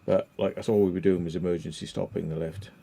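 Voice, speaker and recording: Casual host, mellow dark tone, rambling anecdotes padded with fillers. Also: male voice, deep voice, fairly even intonation, fast talker, vocal fry. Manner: rambling storyteller, many fillers. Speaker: livestream host. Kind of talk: casual chat.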